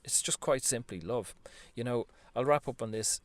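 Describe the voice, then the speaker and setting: A man talking earnestly in a reflective spiritual monologue, gently coaching the listener and laughing softly now and then. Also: medium pitch, moderate pace, no echo. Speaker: spiritual vlogger.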